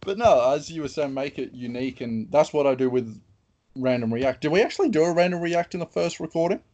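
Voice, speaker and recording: A man's voice: fairly high pitch, expressive, fairly quick, a little mellow. A man hosting a podcast, chatting casually and often hesitating with ums while he thinks aloud. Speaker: podcast host.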